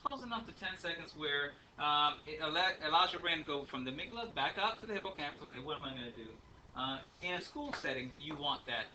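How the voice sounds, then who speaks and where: A man's voice: a little high, expressive, a little fast, few pauses. A man teaching a math class, lecturing in a chatty, rambling way with many ums and uhs. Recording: faint room noise, speaker a bit far from the mic.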